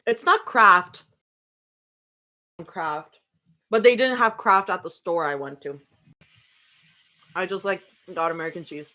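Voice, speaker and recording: A woman's voice: on the low side, unhurried, pauses often, pushed and bright. A young woman streaming from home, chatting casually and rambling between snacks during a live reading. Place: home room.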